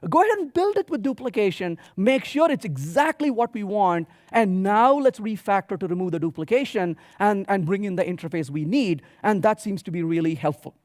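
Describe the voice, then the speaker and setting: A man giving a software conference talk, telling stories with quoted dialogue in an animated way. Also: high voice, brisk, hardly any pauses, no echo, studio quality. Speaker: conference speaker. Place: conference hall stage.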